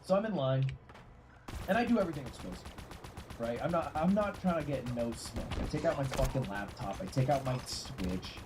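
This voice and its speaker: A man streaming and casually telling an animated story, swearing freely along the way. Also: mid-range voice, normal speed, noisy background. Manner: animated and profane.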